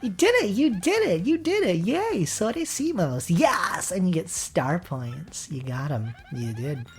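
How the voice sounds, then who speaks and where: A man's voice: mid-range voice, unhurried, a little mellow, slightly rough, faint music behind. A man voicing a peppy, sassy young female student sidekick who coaches the hero upbeat and chirpy. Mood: cheerful.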